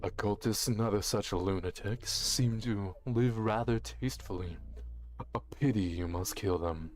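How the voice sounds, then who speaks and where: A man's voice: fairly low pitch, a little mellow, lightly acted. A man voicing a dry, sardonic game narrator. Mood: wry. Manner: dry, wry, measured. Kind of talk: scripted narration.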